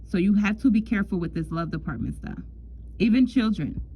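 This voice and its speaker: A woman's voice: medium pitch, animated, a little fast, dull audio, a little hiss or hum. Chatty woman giving a love reading. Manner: chatty, repeats herself, calls the listener "girl". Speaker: tarot love reader. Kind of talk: casual astrology reading.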